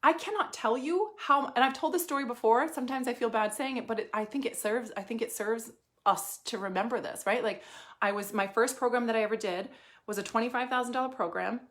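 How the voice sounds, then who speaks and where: Woman coach, thirties, slightly high voice, emphatic and profane motivational chat. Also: a little fast, fairly bright tone. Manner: emphatic and swearing, with laughter. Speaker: life and money coach. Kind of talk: casual motivational monologue.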